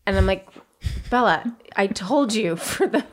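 A woman's voice: mid-range voice, lively intonation, measured pace. A woman co-hosting a podcast, telling a playful story in casual chat. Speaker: podcast co-host.

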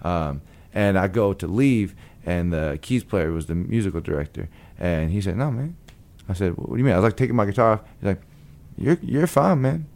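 Lower-voiced man telling a lively story. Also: brisk, few pauses. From Long Beach, California. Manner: lively, acts out the other people in his stories. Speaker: blues guitarist guest. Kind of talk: animated storytelling.

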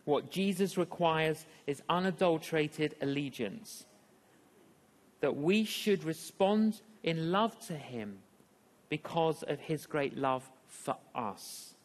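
Slow preacher in a reverberant hall. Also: mid-range voice, expressive. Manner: slow, measured delivery with pauses. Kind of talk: sermon. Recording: long reverb of a large hall.

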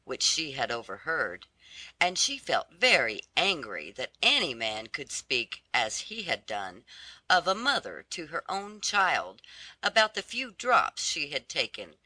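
A storybook narrator reads slowly, the pitch rising and falling with lively expression. The tone is bright and crisp, and the recording is dry and close. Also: dry recording. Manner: slow, lively, storybook delivery. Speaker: audiobook narrator. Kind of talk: scripted narration of a fairy tale.

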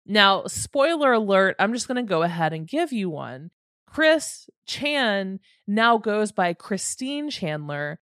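A woman's voice: mid-range voice, very animated, slow pace, a bit bright, no room sound, clean studio sound. A woman hosting a podcast, telling a long story in a candid, wry, conversational way with frequent asides. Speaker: podcast host. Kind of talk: casual storytelling narration.

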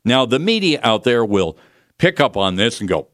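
Male talk radio host, combative and mocking, mid pitch, lively intonation. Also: moderate pace, background noise. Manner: combative, sarcastic, mocking imitations. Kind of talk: political talk radio monologue.

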